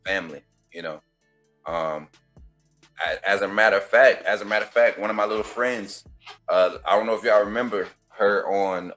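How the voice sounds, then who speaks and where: A man's voice: deep voice, a bit bright. A man hosting a casual sports talk show, rambling and restarting as he trash-talks teams. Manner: trash-talking, rambling with restarts, apologetic laughs. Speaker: host of a football call-in show.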